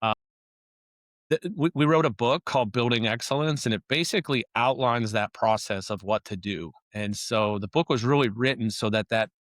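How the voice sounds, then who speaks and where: A man's voice: mid-range voice, moderate pace, a bit bright, no echo. A man talking as a guest on a business podcast, explaining in a casual, conversational way with frequent restarts. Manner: conversational, restarts and "you know" often. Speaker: construction operations consultant, podcast guest. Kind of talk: casual interview talk.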